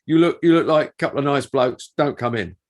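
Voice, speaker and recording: A man putting on a gruff bouncer who gives a blunt, low warning. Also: brisk, lightly acted. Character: gruff grown male nightclub bouncer, blunt.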